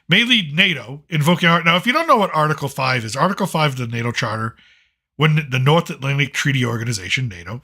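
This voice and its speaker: A man's voice: mid-range voice, pushed and bright. A man hosting a late-night commentary show, ranting in a blunt, sarcastic, rambling way with some profanity.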